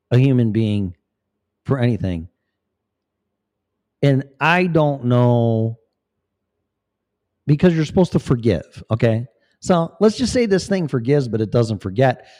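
A man's voice: mid-range voice, big pitch swings, measured pace, dark tone. A man talking in a rambling, profane, preachy monologue as a vlogger. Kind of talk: casual monologue.

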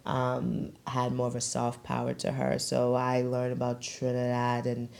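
A woman's voice: rumbling low, completely flat delivery, measured pace, creaky, darkish tone. A woman from Brooklyn, New York, hosting a casual podcast and chatting about her background, now and then dropping into patois phrasing. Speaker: podcast host.

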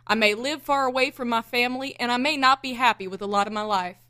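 A woman's voice: a little high, quick pace, pushed and bright, clear, resonant tone, no room sound, clean studio sound. Woman doing a proud Southern voice teacher.

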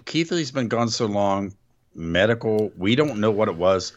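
Incredulous low-voiced man, animated. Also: measured pace, lo-fi sound. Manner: blunt, incredulous objections. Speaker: wrestling podcast co-host. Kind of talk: casual recap chat.

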